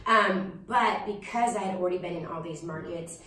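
A woman's voice: fairly low pitch, normal speed. Chatty young woman, distant roomy mic. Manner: chatty, animated, frequent fillers. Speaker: singer-songwriter guest. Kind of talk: casual interview chat.

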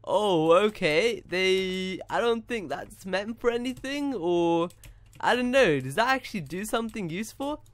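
A young man with a high, bright voice, talking through his gameplay in a loose, excitable ramble. He wonders aloud about each step and keeps calling everyone dude. The sound is very dry and close, with no room sound at all. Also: a little slow, dry recording. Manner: excitable, talks to himself, says dude a lot. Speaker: gaming YouTuber. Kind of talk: casual Minecraft gameplay commentary.

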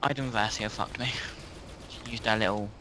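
A young man plays alongside a friend, answering in short, reactive bursts. His voice is bright and forward, and he keeps the talk light and joking. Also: lowish voice, fairly even intonation, normal speed, a little hiss or hum. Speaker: gamer. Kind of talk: casual gaming chat.

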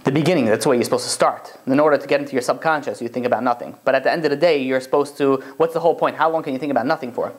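Fast-talking rabbi giving a class. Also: male voice, mid-range voice. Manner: conversational, full of fillers, checks in with the class. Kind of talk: casual classroom lecture.

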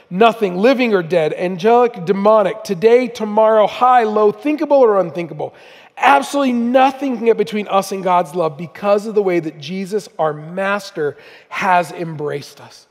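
A male guest preacher with a notably high voice delivers an earnest sermon that swells into emphatic peaks. The sound carries the long reverb of a church sanctuary. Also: normal speed. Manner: earnest, building to emphatic outbursts. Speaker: guest speaker.

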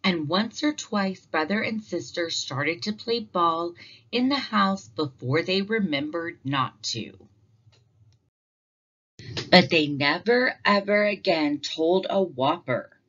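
A woman teacher reading a children's storybook aloud, slow and expressive. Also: lowish voice. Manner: slow, warm and expressive narration. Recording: dull lo-fi recording.

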